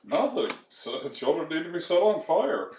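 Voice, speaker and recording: A man co-hosting a casual podcast, cutting in with blunt, crude, deadpan dark jokes. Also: on the high side, normal speed, slight background noise. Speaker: podcast co-host. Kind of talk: casual banter. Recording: roomy, dull lo-fi audio, off the mic.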